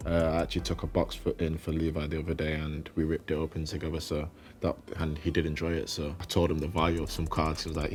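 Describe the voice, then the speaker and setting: This young footballer and card collector talks fast in a low, flat voice, with hardly any pauses. Relaxed in the casual interview, he laughs easily and repeats words as he thinks.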